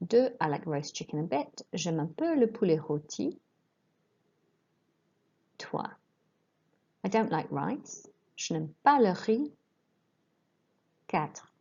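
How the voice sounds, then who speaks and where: A woman French teacher giving a recorded lesson, dictating sentences slowly and clearly and repeating each prompt. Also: low-pitched, dark tone, muffled recording.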